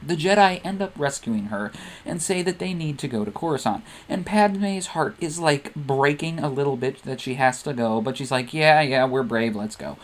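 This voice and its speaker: Guy telling a goofy story, playful, pitch all over the place. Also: lively intonation, moderate pace. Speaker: host and narrator. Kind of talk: comedic story narration.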